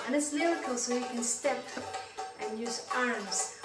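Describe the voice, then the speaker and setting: A woman's voice: fairly high pitch, expressive, moderate pace, far from the mic. A woman teaching a live online belly dance class, counting beats aloud while she dances and slightly out of breath. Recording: roomy sound from away from the mic, loud music. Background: loud Middle Eastern music.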